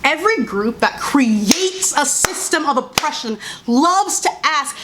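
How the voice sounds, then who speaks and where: Fired-up young woman vlogger, slightly high voice. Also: animated, measured pace, hardly any pauses, pushed and bright, slight background noise. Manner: heated and emphatic, with repeated phrases and mocking quotes. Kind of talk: impassioned commentary to camera.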